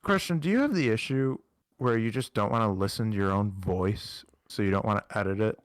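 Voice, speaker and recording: A man's voice: lowish voice, fairly quick, no echo. A playful young man co-hosting a podcast from a basement, teasing his co-host in casual chat.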